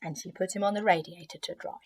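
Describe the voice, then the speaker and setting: A woman teacher reading a picture book aloud to children, expressive and gentle, with chatty asides. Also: fairly low pitch, fast talker, husky.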